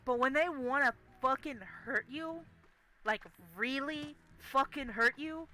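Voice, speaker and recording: Bright, forceful woman streamer swearing emphatically. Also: sits high, measured pace. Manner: profane, emphatic, keeps asking "okay?". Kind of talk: casual solo storytelling during a game stream.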